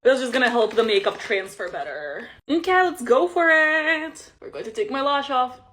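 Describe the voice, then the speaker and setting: A woman's voice: sits high, expressive, normal speed, a bit bright. A young woman chatting casually and joking at her own expense while she peels off special effects makeup for her vlog. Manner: chatty, joking, self-mocking. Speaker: makeup vlogger.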